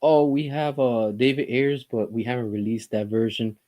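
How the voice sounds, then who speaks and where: A man's voice: medium pitch, fairly even intonation, normal speed, mellow, close to an everyday voice. A man voicing a hesitant male studio executive who stammers through his answers with filler sounds. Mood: flustered.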